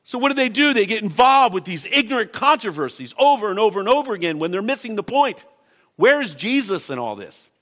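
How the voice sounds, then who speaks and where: Male pastor, passionate sermon delivery, bright tense tone, a bit higher than most men. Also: big pitch swings, fairly quick. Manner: impassioned, emphatic preaching.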